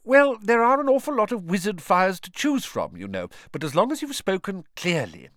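A man's voice: high voice, sing-song, normal speed, a bit bright, no echo, clean studio sound, voice pushed up. A man voicing a fussy, anxious middle-aged witch who dotes on the children. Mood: fussing. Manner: anxious, doting, fussing.

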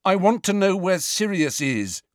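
A defiant teenage boy, urgent and fighting down panic, voiced by a male narrator. His voice is pitched up and lively, in a dry close recording. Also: measured pace, no room sound. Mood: defiant tense.

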